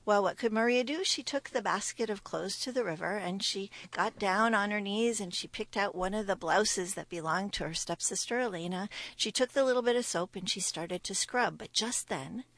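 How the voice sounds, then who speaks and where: Creaky-voiced woman telling a folktale. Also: medium pitch, moderate pace, few pauses, dry recording. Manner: expressive storyteller with whispered asides. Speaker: storyteller guest.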